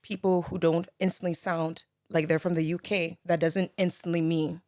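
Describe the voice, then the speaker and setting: Chatty young Bahamian woman, low voice. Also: little pitch movement, normal speed, a little mellow, no room sound, studio quality. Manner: chatty, leans on "like" and "you know". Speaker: podcast guest. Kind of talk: casual conversation.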